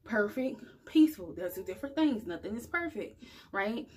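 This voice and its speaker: Husky woman giving a chatty pep talk. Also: medium pitch, sing-song, normal speed. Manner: earnest, chatty, addresses viewers directly. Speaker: spiritual vlogger. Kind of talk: casual motivational talk to camera.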